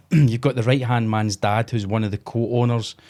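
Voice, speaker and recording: A man co-hosts a podcast in casual conversation, teasing with dry jokes. His mid-range, darkish voice moves at normal speed with fairly even intonation.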